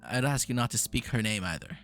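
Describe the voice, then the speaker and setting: A man voicing a grandiose, eccentric male mage who is touchy and theatrical, with a lively gravelly voice. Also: mid-range voice, fast, soft background music.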